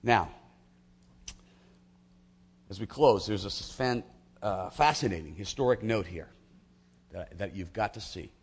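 A man's voice: lowish voice, a little slow, pauses often, husky. A man preaching a sermon to his congregation, telling a biblical story with energy and acting out the characters' voices. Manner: animated, acts out voices of biblical figures. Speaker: pastor.

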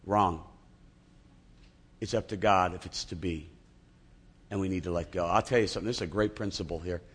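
A man's voice: low voice, fairly even intonation, brisk, fairly bright tone, husky, big-room sound. A male pastor preaching a sermon in a church, talking in a conversational, humorous storytelling manner.

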